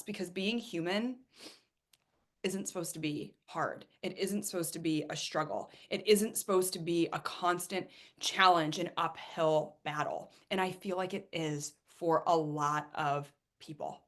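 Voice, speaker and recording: Woman, fairly low voice, live webinar host, enthusiastic, repeats phrases. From Ohio, USA. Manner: enthusiastic, repetitive, chatty.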